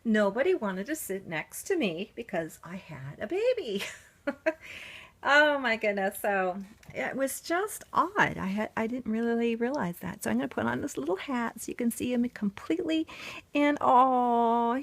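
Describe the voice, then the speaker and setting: A woman telling a story to the camera in a chatty, casual way, laughing often and cooing softly while she dresses a doll. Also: on the high side, animated, normal speed, creaky. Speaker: doll collector vlogger.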